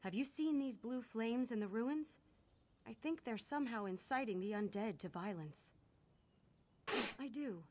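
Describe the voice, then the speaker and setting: Fantasy game knight lady, brisk and purposeful. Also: on the high side, fairly bright tone, slight background noise. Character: woman knight in a fantasy game, concerned, commanding. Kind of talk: video game voice acting.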